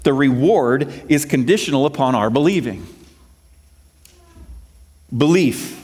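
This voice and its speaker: A man's voice: mid-range voice, animated, measured pace, darkish tone. A male pastor preaching a sermon, quoting scripture and asking the congregation questions as his emphasis rises and falls.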